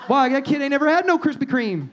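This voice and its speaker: A middle-aged man preaching a sermon as pastor, animated and punchy, with quoted asides and repeated phrases. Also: very high voice, fast talker.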